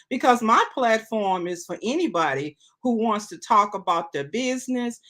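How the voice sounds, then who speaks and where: A woman's voice: medium pitch, fairly bright tone. A middle-aged woman hosting her own live-stream talk show, chatting casually and greeting viewers by reading their comments aloud.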